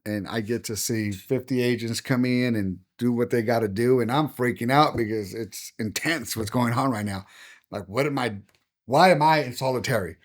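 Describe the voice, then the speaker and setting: A man's voice: mid-range voice, normal speed. Man animatedly telling a personal story. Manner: animated storyteller acting out quoted dialogue. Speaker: pastor and guest. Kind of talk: storytelling in a podcast interview.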